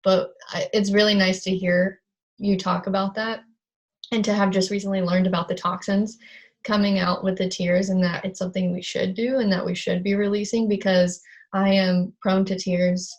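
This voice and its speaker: A woman's voice: mid-range voice, little pitch movement, normal speed. A young woman with a mid-range voice, chatting earnestly about a book over a video call. She talks in a loose, friendly way and corrects herself as she goes. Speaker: co-host of a book discussion. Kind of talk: casual chat.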